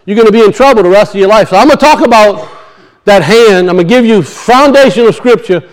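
A man's voice: sits high, fast talker. A male pastor, preaching a sermon in a church and telling a folksy story with frequent chuckles.

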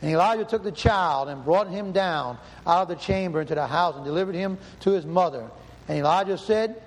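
A man's voice: a little high, a little hiss or hum. A man preaching a sermon and reading scripture aloud, emphatic and questioning, often repeating himself. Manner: emphatic, repeats and rephrases, asks the room questions. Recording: hall reverb, faint ambience.

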